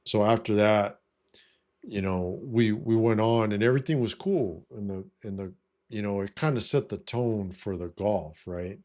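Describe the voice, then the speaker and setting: The man talks at normal speed with a fairly low, darkish voice. A vlogger offering life advice in a casual to-camera monologue, he comes across as blunt and swaggering, swears freely, and keeps tossing in "you know what I mean".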